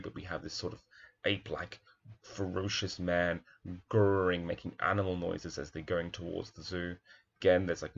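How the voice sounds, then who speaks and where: A man's voice: sits low, gravelly, dull audio. A male primary teacher talking through a children's picture book, reflective, with many fillers and restarts.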